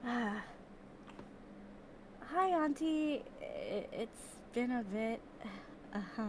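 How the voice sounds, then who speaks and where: Woman playing a timid young runaway in a tabletop game: high and slow, hesitant. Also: animated, a little hiss or hum. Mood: shy. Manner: hesitant, halting, cheeky.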